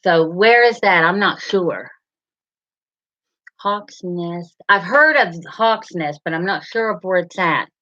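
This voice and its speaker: A middle-aged woman hosts a casual live chat, rambling between viewers' comments. Her voice is bright and her pace is unhurried. The sound is a little dull and lo-fi. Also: lowish voice, lively intonation. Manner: chatty, rambling, addresses viewers by name. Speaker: livestream host.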